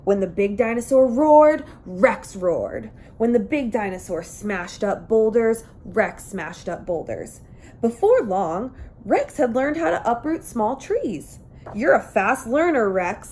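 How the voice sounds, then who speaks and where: A woman's voice: medium pitch, sing-song, measured pace, warm tone, a little hiss or hum. A woman reading a children's picture book aloud, telling the story expressively and acting out the characters. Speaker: reader.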